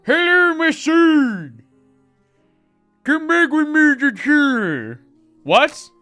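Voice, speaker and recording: A man voicing a goofy, blustering galactic emperor in a high, squealing fake gibberish accent, comically yelling and scolding. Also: very animated, very slow, faint music behind, exaggerated voice. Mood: pompous, boisterous. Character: goofy mock-Swedish chef version of a galactic emperor, male, blustering.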